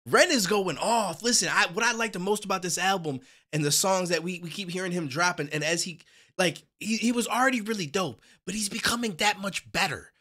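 A man's voice: high-pitched, a little fast, sharp tone. A man hosting a music reaction video, talking in a casual, rambling, enthusiastic way with a stuffy, nasal voice. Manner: rambling, enthusiastic, many restarts. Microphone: studio podcast microphone.

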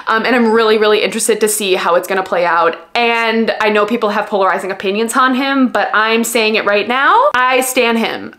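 A book vlogger, a woman with a slightly high voice, talks in a loose, chatty way. She gushes freely and fills her sentences with fillers. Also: fairly bright tone. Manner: gushing, chatty, many fillers. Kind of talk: casual reading vlog chat.

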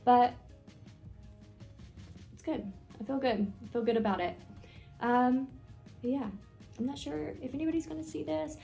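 A woman's voice: high-pitched, fairly even intonation, moderate pace, creaky, pauses often, dark tone, soft background music. A young woman talking casually in a get-to-know-me vlog, rambling with lots of fillers and self-deprecating asides. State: nervous, with hiccups. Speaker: vlogger.

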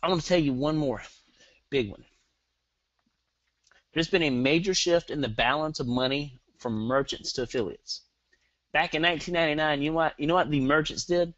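A man with a Southern accent presenting a live online marketing webinar, energetic and hyperactive, firing rhetorical questions at his audience. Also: on the high side, brisk, no room sound, muffled recording.

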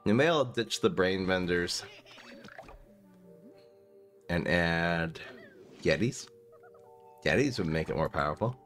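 Lively low-voiced man calling a card game. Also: slow pace, pauses often, soft background music. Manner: excitable, prone to sudden exclamations. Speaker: gaming YouTuber. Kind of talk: casual gameplay commentary.

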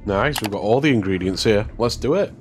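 A man's voice: lowish voice, expressive, fairly quick. A man giving casual, jokey commentary as he plays through a game. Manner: jokey, chatty asides over gameplay. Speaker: gaming commentator. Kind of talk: casual let's-play commentary. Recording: game music underneath.

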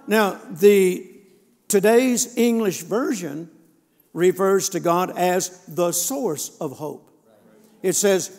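A man's voice: high-pitched, animated, slow pace, darkish tone. Older male preacher in a reverberant church. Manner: folksy, emphatic, calls for audience response. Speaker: pastor. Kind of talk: sermon. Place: church sanctuary.

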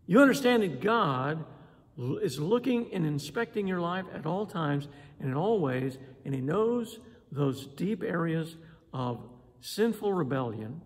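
A man preaching a sermon in an animated way, acting out voices and pausing for emphasis. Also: sits high, breathy edge. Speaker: pastor. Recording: long hall reverb.

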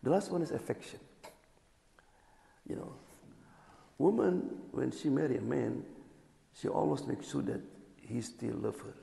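A man preaching as an imam, animated, acting out little dialogues and checking in with his listeners. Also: medium pitch, measured pace, creaky, pauses often. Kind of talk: sermon. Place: community hall or mosque. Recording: echoey hall.

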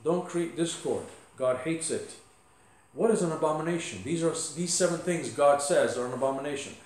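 A man's voice: a little high, normal speed, a little mellow. A male pastor giving a conversational sermon with asides and light humor. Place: church sanctuary. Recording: echoey church sanctuary.

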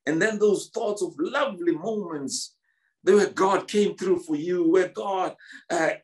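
Casting: South African male pastor, 50s, high-pitched, emphatic church sermon with stammered repeats. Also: measured pace. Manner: repetitive, emphatic preaching with stammered restarts.

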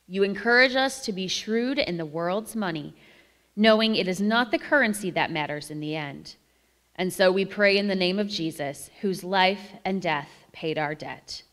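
A woman leading a congregation in a measured, solemn spoken prayer in a church. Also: on the low side, a bit bright. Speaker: worship leader. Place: church sanctuary. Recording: long church reverb.

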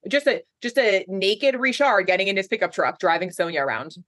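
A woman co-hosting a podcast, chatting in an animated way and laughing easily. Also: medium pitch, fairly quick. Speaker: podcast co-host. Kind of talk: casual recap chat.

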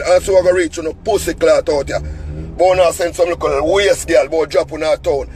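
A man's voice: fairly high pitch, moderate pace, darkish tone, poor audio. A Jamaican man telling a story as an angry, cussing rant in heavy patois, sitting in a car. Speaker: vlogger.

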